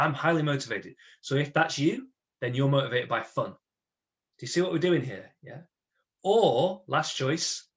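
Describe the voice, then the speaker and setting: An energetic man runs a motivational webinar in a mid-range voice, keeping the talk lively for his online audience. He's chatty and keeps checking in with listeners through tag questions.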